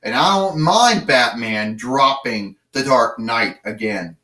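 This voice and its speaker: A cocky wrestler rambles through mocking trash talk, as a man puts him on. He talks slowly and carries echo from a roomy space, a little off the mic. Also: medium pitch, animated, bright, forceful tone, recorded from a distance. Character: brash, rambling male pro wrestler.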